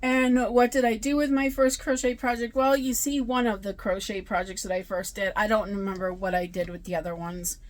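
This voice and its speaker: Her pitch sits in the middle and her tone stays steady as she moves briskly with few pauses. It's a casual crochet vlog where she rambles, chats, and fixes her own words, clearly worn out and yawning.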